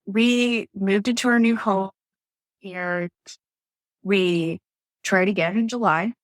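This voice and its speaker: A woman's voice: mid-range voice, slow pace, no echo. Chatty woman guest, dry close sound. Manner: chatty, with frequent fillers. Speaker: podcast guest, nurse. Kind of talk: casual storytelling interview.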